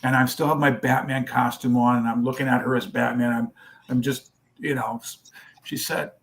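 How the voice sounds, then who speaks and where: A man's voice: mid-range voice, fairly even intonation, normal speed, a bit bright. A man who founded a children's charity, telling a long story in an interview and acting out each person's lines. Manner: storytelling, acts out dialogue.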